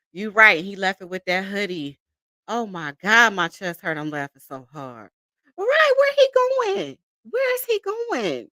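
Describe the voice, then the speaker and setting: A woman's voice: medium pitch, bright, forceful tone, no room sound, studio quality. A woman hosting casual commentary, talking in slang and laughing often as she reacts to a video. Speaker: commentary channel host.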